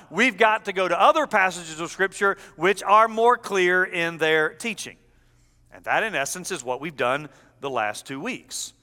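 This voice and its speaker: A man's voice: high-pitched, pushed and bright, big-room sound. A man preaching an expository sermon as pastor, teaching with emphatic delivery.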